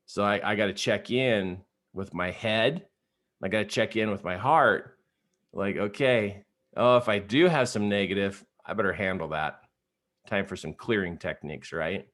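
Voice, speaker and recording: Energetic low-voiced male coach. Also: moderate pace. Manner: energetic, conversational, lots of "you know" and "right?". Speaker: motivational trainer. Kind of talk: live online coaching talk.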